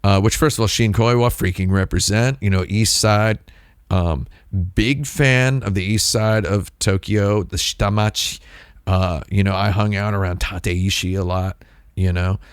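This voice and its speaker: A man's voice: fairly low pitch, steady tone, a little slow, clear, resonant tone, dry recording, clean studio sound. A man hosting a live stream, chatting casually in a rambling, digressive way with lots of restarts. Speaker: livestream host.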